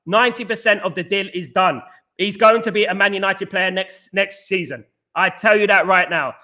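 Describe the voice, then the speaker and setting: High bright-voiced chatty man. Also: normal speed. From England. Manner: chatty, repetitive shout-outs, emphatic. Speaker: channel host reading live chat. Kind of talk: casual live-stream chat.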